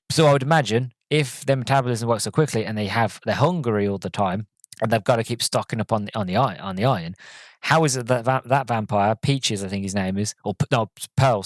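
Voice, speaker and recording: A man's voice: lowish voice, dry recording. A man hosting a podcast, reviewing a film in a rambling, casual way full of fillers and self-corrections. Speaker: podcast host.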